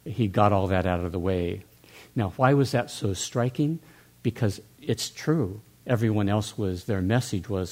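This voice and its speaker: A man's voice: fairly low pitch, unhurried, darkish tone. An older man talking earnestly in a church discussion, musing aloud with restarts.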